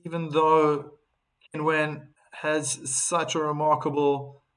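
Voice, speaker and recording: A man with a South African accent hosting a live tennis watchalong, chatting with viewers and breaking into excited calls on big points. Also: a little high, slow pace. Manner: chatty, reads viewer chat messages aloud between calls. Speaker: host and tennis commentator.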